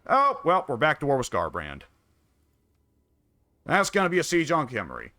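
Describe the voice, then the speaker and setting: Wry, bright-voiced man musing over a game. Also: a little high, huge pitch swings, normal speed, no echo. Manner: musing, wry, mutters to himself. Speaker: gameplay commentator. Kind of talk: casual strategy game commentary.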